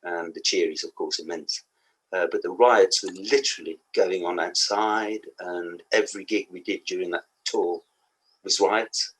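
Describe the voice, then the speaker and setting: A man's voice: sits low, moderate pace, a bit bright, poor audio. A man in his sixties with a Black Country accent, rambling through anecdotes as a podcast guest. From England. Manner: rambling anecdotes with laughs and asides. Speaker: guest musician. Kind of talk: casual podcast interview.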